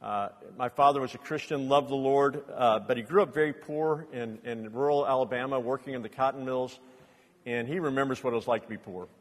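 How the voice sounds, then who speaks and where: A middle-aged man preaching a sermon as pastor, telling personal stories earnestly and rising to loud impassioned bursts. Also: mid-range voice, a little fast. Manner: earnest storytelling, builds to loud impassioned outbursts. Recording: long reverb of a large hall.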